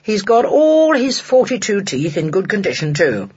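Reader doing a dry, measured practical guy, husky, lively pitch. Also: highs cut off. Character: practical, dry-witted man, a dentist.

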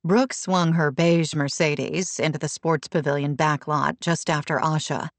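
A woman reading a novel aloud in steady, even scripted narration at a close mic. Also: low-pitched, unhurried, dry recording. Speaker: audiobook narrator.

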